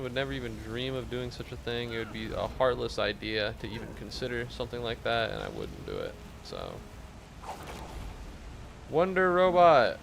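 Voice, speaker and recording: A man streaming a game and chatting with viewers in a casual, deadpan, mock-serious way, with some swearing. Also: medium pitch, vocal fry. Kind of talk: casual gameplay chat with viewers.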